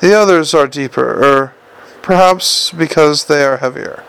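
A man reading an audiobook and voicing a brisk, stubborn, matter-of-fact woman in a gravelly voice. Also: on the high side, a bit bright, rough recording. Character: brisk, stubborn, sharp-tongued adult woman. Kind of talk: audiobook character voice.

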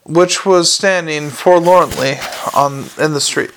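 A man narrating a novel aloud in a steady reading voice, with small slips and restarts. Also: on the high side, takes it slowly. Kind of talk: amateur audiobook reading.

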